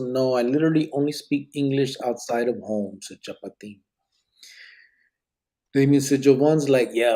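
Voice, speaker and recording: Male podcast host, gravelly and husky, easygoing, reads the chat, sprinkles Spanish. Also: medium pitch, warm tone. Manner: laid-back, swears freely, mixes in Spanish words. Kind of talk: casual live podcast chat.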